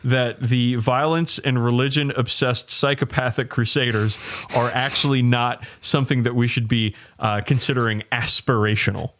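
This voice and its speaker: A man co-hosting a comedy podcast, talking in an emphatic, profane way with frequent halting restarts. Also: mid-range voice, steady tone, a bit bright. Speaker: podcast co-host. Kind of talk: casual chat.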